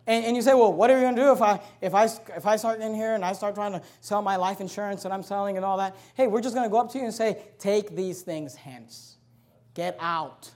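High-voiced man preaching a fiery sermon. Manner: forceful preaching, loud scripture readings, quick asides. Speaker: pastor.

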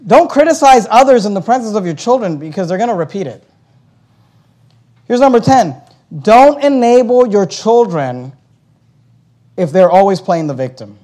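A middle-aged male pastor delivers a sermon in a notably high voice. He tells his story with animated energy, rising loud and then dropping to a hush. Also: moderate pace, long pauses. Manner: animated storytelling, acting out quoted voices, swings between loud and hushed.

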